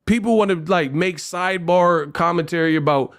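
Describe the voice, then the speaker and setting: A man hosting a casual livestream, talking in a lively way, rapping short rhymes and reading donation messages aloud. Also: sits high, moderate pace. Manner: animated, freestyles rhymes, reads donations aloud. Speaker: livestream host.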